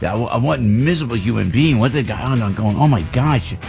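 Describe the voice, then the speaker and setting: A man hosting a radio talk show who tells a rambling, animated story with many restarts. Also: medium pitch, fast talker, vocal fry, soft background music. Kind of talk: casual storytelling chat.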